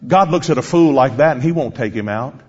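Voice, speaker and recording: A man's voice: mid-range voice, animated, brisk, darkish tone, husky. A man preaching a sermon, speaking directly and challengingly to his congregation, on a dull lo-fi recording.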